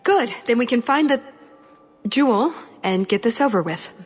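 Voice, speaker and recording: A brisk young female elf rogue in a video game, terse and businesslike. Her voice is husky with lively swings in pitch, and a long reverb trails after her lines. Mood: urgent.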